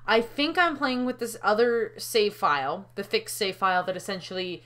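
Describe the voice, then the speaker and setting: A woman's voice: mid-range voice, normal speed, a bit bright. A woman talks through a video game as the host of a let's play. Her commentary is casual and chatty, with plenty of swearing.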